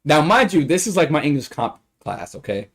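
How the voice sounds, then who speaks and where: A man's voice: on the high side, very animated, fairly quick, a bit bright, slightly rough. A young man telling a rambling, profane story on a casual livestream, often exasperated.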